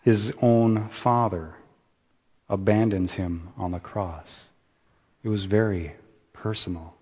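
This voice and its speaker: A man preaching a sermon, slow and deliberate, building emphasis and then easing off at the ends of phrases. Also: fairly low pitch, darkish tone, breathy edge. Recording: dull sound in a reverberant hall.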